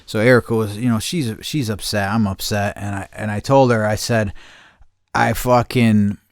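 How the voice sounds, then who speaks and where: A man's voice: lowish voice, steady tone, moderate pace, no echo, clean studio sound. A man hosting a podcast, telling a rambling story with constant swearing and frequent laughter. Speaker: podcast host. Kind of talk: casual storytelling.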